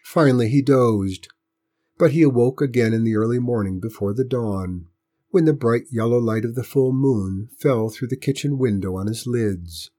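A man reading a story aloud as narrator, in a steady, measured way. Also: mid-range voice.

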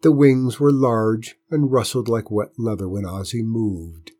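A man reading a story aloud as narrator, in a steady, measured way. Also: fairly low pitch.

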